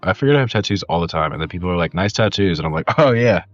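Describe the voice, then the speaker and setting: Animated lively-voiced man, casual banter. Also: low-pitched, rapid-fire, dry recording, dull audio, faint music behind. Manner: animated, excitable, swearing. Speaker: podcast co-host. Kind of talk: casual chat.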